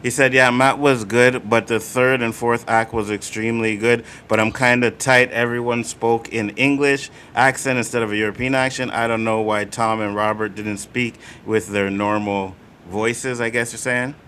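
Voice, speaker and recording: A man's voice: mid-range voice, steady tone, moderate pace, hardly any pauses, pushed and bright, a little hiss or hum. A man hosting a casual podcast chat, laid-back and slangy, laughing often. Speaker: podcast host.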